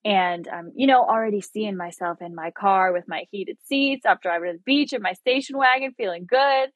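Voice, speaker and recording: A woman's voice: mid-range voice, normal speed, dry recording. Woman telling a story with lots of laughs. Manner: animated, laughs often, acts out quotes. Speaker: guest. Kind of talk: casual storytelling.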